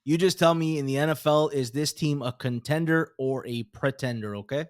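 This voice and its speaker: A man's voice: on the high side, moderate pace, no echo, studio quality. A man hosting an interview podcast, chatty and casual, often stammering as he restarts lines. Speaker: podcast host.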